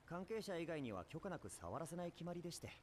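A polite young anime zookeeper. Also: male voice, fairly high pitch, sing-song, rapid-fire, darkish tone, slight background noise. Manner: polite, formal. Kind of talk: anime voice acting.

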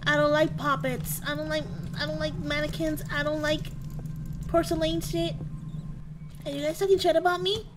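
High-voiced young woman streamer, jumpy and swearing. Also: fairly even intonation, normal speed, background noise. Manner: jumpy, swears freely, shrieks at scares, teases the game. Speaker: streamer playing a horror game. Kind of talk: casual live gameplay commentary.

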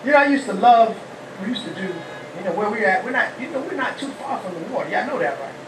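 A rabbi gives a lively call-and-response sermon, asking the congregation questions and shouting praise. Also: male voice, high voice, fast talker, noisy background. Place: humid, warm house of worship. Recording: echoey hall, mic far off.

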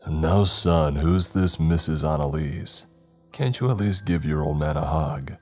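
A man voicing a stern, gruff father. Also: extremely low pitch, unhurried, a little mellow, soft background music, exaggerated voice. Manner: gruff, commanding. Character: stern older father, a former cop, angry.

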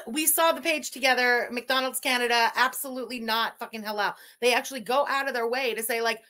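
A woman's voice: a little high, fairly even intonation, fairly quick, hardly any pauses, bright, forceful tone. A woman hosting a livestream, giving blunt, sarcastic commentary and thanking viewers. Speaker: livestream host.

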